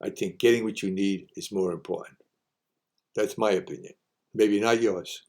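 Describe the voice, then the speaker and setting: A man's voice: fairly low pitch, steady tone, moderate pace, a little mellow. A man hosting a folksy monologue of homespun advice, repeating each saying for emphasis. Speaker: host sharing sayings.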